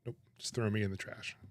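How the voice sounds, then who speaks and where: A man chatting on his livestream, animated and laughing, protesting in exaggerated disbelief. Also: on the low side, no echo. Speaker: streamer reacting to chat. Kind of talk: casual livestream chat.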